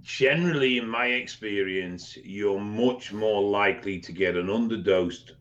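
A man on a podcast talks through a topic in a relaxed, easygoing way and swears casually. His voice sits fairly low. The recording sounds dull and lo-fi. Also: a little slow. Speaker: podcast co-host and expert.

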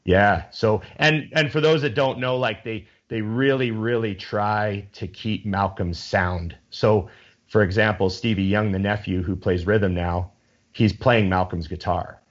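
A man's voice: lowish voice, a little slow, lo-fi sound. A man in casual chat, rambling with enthusiasm and swearing freely as he talks.

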